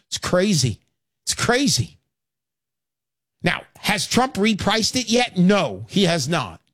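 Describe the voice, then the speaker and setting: A man's voice: sits high, a bit bright, dry recording, studio quality. A man hosting a call-in radio show, talking in a brash, salesy, joking way.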